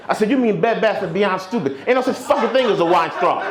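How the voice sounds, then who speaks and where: A man in his fifties works a stand-up set with a punchy, profane delivery. His voice sits a little high. The room is echoey, and a crowd is plainly heard around him. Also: animated, fast talker. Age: 50s. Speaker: stand-up comedian. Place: comedy club stage.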